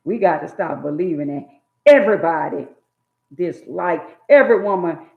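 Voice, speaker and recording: Her voice sits on the low side, with lively intonation and a moderate pace. The woman is a vlogger delivering life advice to her viewers like an emphatic sermon, and the audio is tinny and phone-like in an echoey room.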